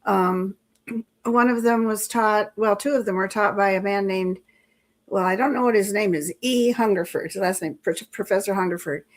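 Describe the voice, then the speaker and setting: A woman's voice: medium pitch, normal speed. An older woman, a guest author in a casual interview, telling anecdotes with frequent chuckles and restarts.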